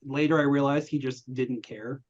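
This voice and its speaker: A man's voice: medium pitch, moderate pace. A young man hosting a film review chat, telling stories casually and acting out quoted voices. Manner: animated storytelling with quoted voices. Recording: dull lo-fi audio.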